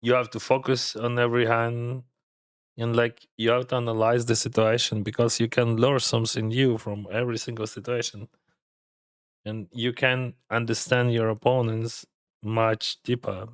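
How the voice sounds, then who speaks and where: A man's voice: mid-range voice, flat delivery, moderate pace, no echo, studio quality. Russian-accented man chatting while playing poker. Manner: laughs often, chatty, loose with grammar. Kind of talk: casual chat while playing online poker.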